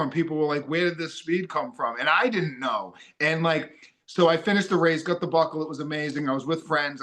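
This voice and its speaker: A man chatting on a podcast in an upbeat, excitable way, now and then breaking into loud cheering. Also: fairly high pitch. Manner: upbeat, excitable, bursts into loud cheering when quoting himself. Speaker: guest runner. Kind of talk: casual podcast chat.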